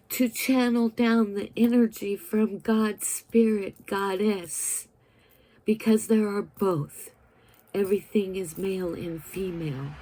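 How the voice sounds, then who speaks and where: A woman in her fifties speaks slowly and deliberately, her voice mellow and warm. As a vlogger, she talks directly to her viewers with an earnest, emotional sincerity and an unhurried pace. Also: mid-range voice. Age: 50s. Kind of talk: heartfelt spiritual talk to camera.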